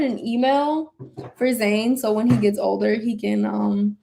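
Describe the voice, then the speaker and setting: A young woman hosting a spiritual livestream, gushing and excitable as she talks straight to viewers and chats about their comments. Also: vocal fry. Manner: quick bursts of high excited exclamations. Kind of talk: casual livestream chat reading comments.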